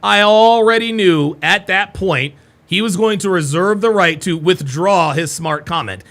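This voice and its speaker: A man's voice: high-pitched, unhurried, a bit bright. A man hosting a live reaction stream, talking bluntly and mockingly and swearing freely as he comments on a debate clip.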